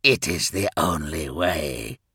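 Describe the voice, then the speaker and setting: A skeletal ghost of a warrior, put on by a male audiobook narrator, speaking low and slow in a grim hissing rasp. His stern voice sits far below the narrator's own and drags each word out in a dry, close recording. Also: lively intonation, bright, forceful tone, no room sound, heavily acted. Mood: grim urging.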